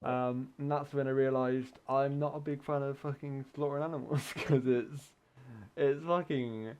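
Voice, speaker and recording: A man from the UK casually telling a long story, swearing often, laughing mid-sentence and acting out shouted quotes. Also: mid-range voice, fairly even intonation, normal speed, clear, resonant tone. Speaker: gaming podcast co-host telling a story.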